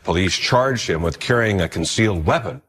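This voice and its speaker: Low-voiced male news narrator. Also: lively intonation, normal speed, a bit bright.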